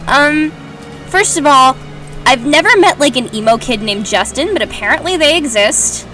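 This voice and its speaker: A woman's voice: high-pitched, lively intonation, moderate pace, pushed and bright, faint music behind. Giggly, sarcastic Irish woman. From Ireland. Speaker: host. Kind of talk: casual commentary while reading fanfiction aloud.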